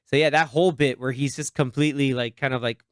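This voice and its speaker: A man's voice: medium pitch, fast talker, clean tone, dry recording, clean studio sound. A man hosting a podcast, chatting casually and animatedly about movies and acting out favorite lines. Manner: animated, quotes film lines in put-on voices. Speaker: podcast host.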